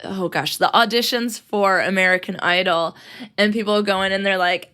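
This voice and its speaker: With a steady, sharp, clean-toned mid-range voice and a slightly fast pace, this young adult woman, a teacher and podcast host, talks freely in a casual podcast chat. She laughs a lot and acts out quotes.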